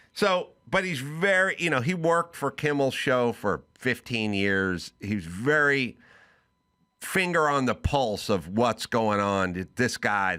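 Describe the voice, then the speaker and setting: A middle-aged man hosting a talk show, telling a casual story and acting out both sides of a phone call. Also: medium pitch. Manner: animated, voices both sides of a phone call in quoted bits. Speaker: podcast host.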